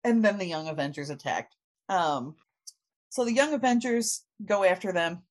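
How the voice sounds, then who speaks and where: A woman's voice: lowish voice, lively intonation, normal speed. A woman casually recapping a comic book story with lots of fillers and laughter. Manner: chatty, laughing, many fillers. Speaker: podcast host.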